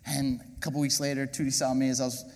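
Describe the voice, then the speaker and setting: A man, a pastor, gently interviewing guests on stage during a sermon, halting with many fillers. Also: mid-range voice, flat delivery. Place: large church auditorium with congregation. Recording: reverberant church hall with audience.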